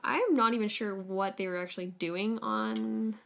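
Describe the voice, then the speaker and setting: A woman's voice: medium pitch, fairly even intonation, moderate pace, vocal fry, a bit bright. A woman co-hosting a podcast, chatting casually with lots of fillers as she relays her research. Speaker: podcast co-host. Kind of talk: casual conversational podcast chat.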